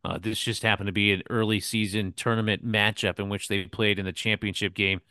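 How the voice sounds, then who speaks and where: A man's voice: on the low side, flat delivery, a little fast, bright, forceful tone, no echo, studio quality. A man co-hosting a sports podcast, recapping scores in an easygoing way and turning to his co-host with questions. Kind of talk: casual sports talk.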